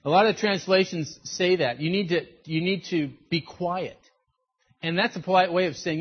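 A man pastor preaching a sermon in a conversational, emphatic way, dropping low and quiet for serious points, on a dull lo-fi recording. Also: lively intonation, normal speed, husky.

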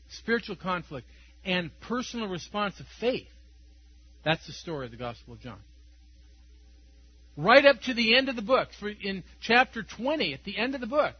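Male preacher, high-pitched, slightly husky, chatty and chuckling, dull lo-fi sound. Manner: conversational, tells stories with chuckles. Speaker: pastor. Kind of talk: sermon.

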